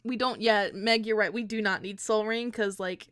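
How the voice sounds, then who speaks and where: A woman's voice: mid-range voice, fairly even intonation, normal speed, fairly bright tone, clean tone. A woman co-hosting a livestream, chatting in a playful, teasing way and laughing often. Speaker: streamer and deck-building co-host. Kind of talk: casual chat.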